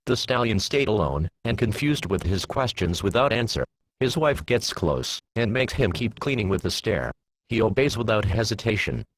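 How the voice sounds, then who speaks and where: A man reading a fan fiction story aloud in a plain, steady storytelling manner. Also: on the low side, husky, low-quality recording. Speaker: narrator.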